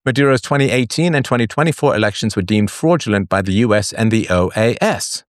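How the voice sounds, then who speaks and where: A man's voice: fairly low pitch, expressive, quick pace, no echo, studio quality. A man hosting a live call-in show, blunt with crude asides, swinging his voice up and down as he talks. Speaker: host.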